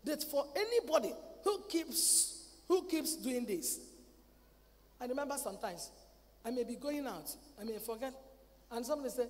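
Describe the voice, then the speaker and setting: A woman preaching a sermon at a convention. She talks in a lively way, acts out family dialogue and repeats words. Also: sits high, normal speed, pauses often. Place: large convention hall. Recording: reverberant hall, faint ambient noise.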